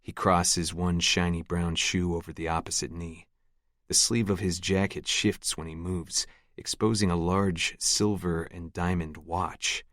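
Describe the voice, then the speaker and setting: A man reads a first-person audiobook in a deadpan, sardonic tone. His voice is very low and steady. The recording is dry and close, with no room sound. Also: no echo. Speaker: audiobook narrator.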